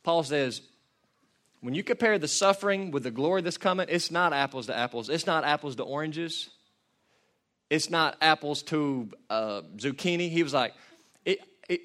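A man delivers a sermon. His voice sits a little high and rings bright and forceful. He swings between hushed, slow emphasis and loud, fervent climaxes. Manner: passionate, builds to shouting peaks, sports analogies. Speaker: pastor.

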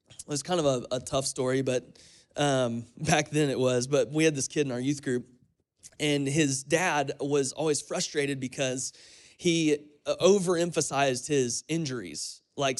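A man preaching a sermon as pastor, telling stories in a conversational way with frequent restarts. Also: on the high side. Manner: conversational storytelling with repeated restarts.

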